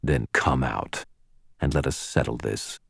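A huge fae gruff that rumbles and growls, speaking in stiff archaic phrases, as a male narrator puts him on. The voice sits very low and is recorded dry and close. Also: a little slow, no room sound, full character voice. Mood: menacing formal. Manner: formal archaic speech, growling.

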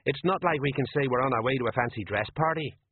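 A man's voice: medium pitch, quick pace, slightly rough, close to an everyday voice. A man voicing a cowardly, rambling older male sergeant with an anxious, common manner in a spoken story. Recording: dry, tinny phone-like sound.

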